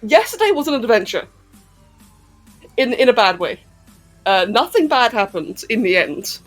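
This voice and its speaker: A woman chats on her live stream in a hyper, giggly way, answering her chat as she goes. Her voice sits a little high and swings widely in pitch, with a slightly husky edge. Soft music plays faintly in the background. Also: sing-song, moderate pace.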